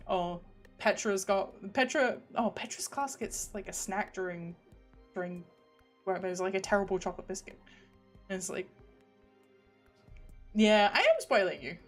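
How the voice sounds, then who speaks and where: A young woman from the United Kingdom streaming, chatting casually in a rambling, giggly way that trails off into mumbles. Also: medium pitch. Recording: faint background music.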